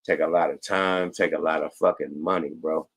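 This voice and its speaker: A man hosting his own livestream podcast, talking casual and profane with a slurred, gravelly drawl. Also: a bass voice, fairly even intonation, normal speed, fairly bright tone, slight background noise. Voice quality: gravelly, slurred like a drunk wino. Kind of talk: casual stream sign-off.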